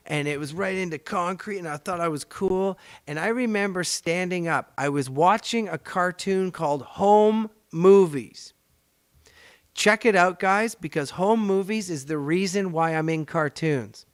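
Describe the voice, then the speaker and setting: Smooth-voiced, animated Canadian man hosting. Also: high voice, dry recording. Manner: animated, rambling, chatty. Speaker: podcast host and voice actor. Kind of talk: casual storytelling chat.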